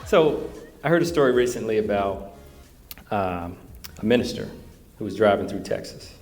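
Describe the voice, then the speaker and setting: A male host interviewing a guest in front of a studio audience, his voice rough and gravelly. He tells jokes in a folksy, animated way. Faint music sits under his voice. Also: on the low side, moderate pace. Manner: folksy joke-telling, animated. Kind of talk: live interview with storytelling. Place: studio stage before live audience.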